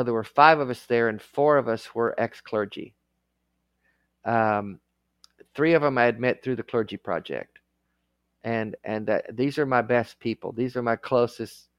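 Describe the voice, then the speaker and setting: A man's voice: medium pitch, clean tone, dry recording. A man, a former clergyman, speaking candidly as an interview guest, earnest and emotional and often laughing as he talks.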